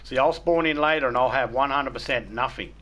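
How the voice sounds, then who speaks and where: Australian man, game streamer, casual chat, crude and swearing, bright tense voice. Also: medium pitch, fairly quick. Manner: crude, swears heavily, tells stories. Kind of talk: casual chat while gaming.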